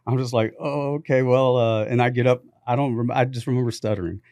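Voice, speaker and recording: A man, a podcast guest, telling lively anecdotes in a studio, acting out bits of dialogue. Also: medium pitch, fast talker, dry recording. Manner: animated anecdotes with quoted dialogue. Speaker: podcast guest, business founder. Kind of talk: casual storytelling.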